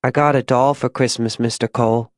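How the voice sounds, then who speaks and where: A man voicing a six-year-old frontier girl who asks soft, childlike questions. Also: medium pitch, steady tone, fairly quick, no room sound, studio quality, lightly acted. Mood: innocent.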